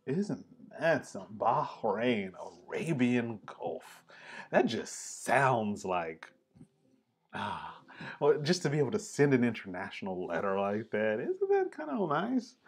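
A man hosts a casual chat over tea, speaking slowly yet very animated in a medium-pitched, slightly breathy voice. He's chatty and keeps filling his talk with "like" and "right?".

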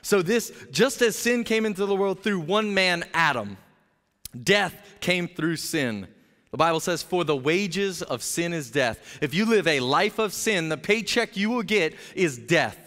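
A man preaching a sermon as pastor, telling a story in an energetic, jokey way and acting out the characters' voices. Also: high voice, a little slow. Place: church sanctuary. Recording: long hall reverb.

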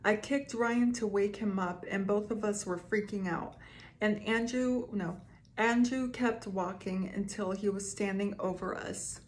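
A woman casually reading scary stories aloud to her viewers, stopping for quick reactions between passages. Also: mid-range voice, fairly even intonation. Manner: slow, reads aloud with asides and reactions. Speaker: storyteller reading creepy stories.

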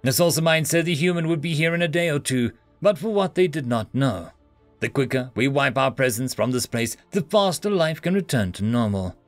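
A man's voice: mid-range voice, expressive, normal speed, no echo, faint music behind, lightly acted. A man voicing a proud, scheming female alien podmother who talks in a haughty, hissing way. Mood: brisk.

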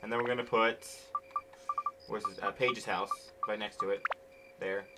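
A man's voice: on the low side, steady tone, moderate pace, low-quality recording. Grumbling, foul-mouthed man playing a game. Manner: grumbling, impatient, swears a lot. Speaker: gaming channel host. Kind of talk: casual gaming commentary. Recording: game music playing under the voice. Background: video game music.

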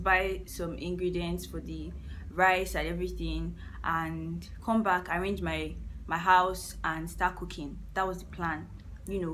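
A young Nigerian woman with a Nigerian accent chatting in a casual vlog at home, drifting from sleepy mumbles to excited outbursts. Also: on the low side, a little hiss or hum. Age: young adult. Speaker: vlogger. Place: at home, indoors.

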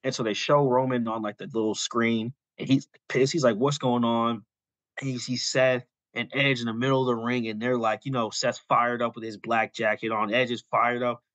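A man of middle pitch spins out a long story in a relaxed, meandering way, leaning on "like" and "you know" as he goes. He slips into quick acted lines for the people in his story. The voice sits close to the mic in a dry, dead room. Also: no room sound, muffled recording. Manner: loose and rambling, full of "like" and "you know"; acts out quoted lines in passing. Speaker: podcast co-host. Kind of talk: casual storytelling on a podcast.

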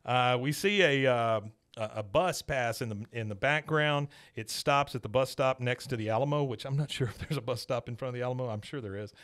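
A man hosting a podcast, giving a casual, animated scene-by-scene recap of an episode. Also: medium pitch, a little fast, hardly any pauses. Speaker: podcast host.

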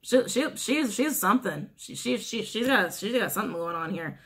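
A woman giving a casual, animated tarot reading to camera, often breaking into giggles and swearing freely. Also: medium pitch, normal speed, breathy edge. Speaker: tarot reader.

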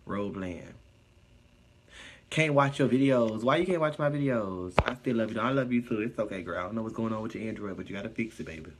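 A man live streams a casual chat, reading viewer comments out loud and firing back sassy, profane, animated answers. His voice is mid-range with a breathy edge.

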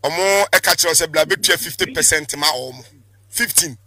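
A man's voice: on the high side, normal speed, sharp tone, dry recording, clean studio sound. A Ghanaian man interviewing a guest on a sports show, probing and repeating his questions. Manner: probing, asks questions again.

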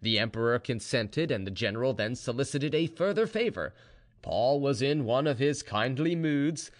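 A man reading an audiobook as narrator, expressive and giving each character a voice of his own. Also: medium pitch.

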